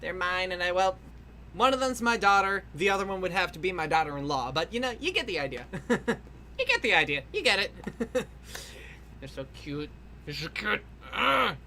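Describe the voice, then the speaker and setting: Streamer artist, casual drawing-stream chatter, rambles and swears, bright forceful tone. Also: mid-range voice, very animated, fairly quick, a little hiss or hum. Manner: rambling, swears freely, laughs often, restarts lots. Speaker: artist livestreaming while drawing.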